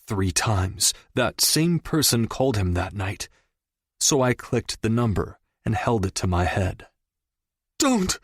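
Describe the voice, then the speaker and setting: A man narrating a first-person crime story in a measured, dramatic storytelling manner. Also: fairly low pitch, animated, husky, no room sound, studio quality. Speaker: audiobook narrator.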